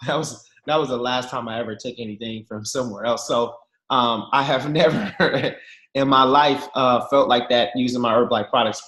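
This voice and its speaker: A man in his thirties telling jokey, slangy stories to a team on a video call and talking straight to his listeners. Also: medium pitch. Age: 30s. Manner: lively, slangy, jokey, addresses listeners directly. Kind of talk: animated storytelling to a group. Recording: echoey room over a video call.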